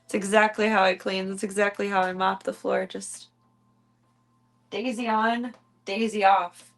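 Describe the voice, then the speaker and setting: A woman streaming casually from home, chatting to viewers and cooing baby talk at her kittens, her voice jumping high when she talks to them. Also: level tone, unhurried, faint music behind, poor audio. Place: home room with cat enclosure.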